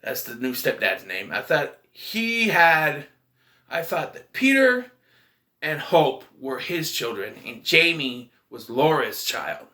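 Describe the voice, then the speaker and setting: A man's voice: a little high, very animated, slow, sharp tone. A man casually reviewing a movie in a vlog, retelling scenes in a rambling, emotional way.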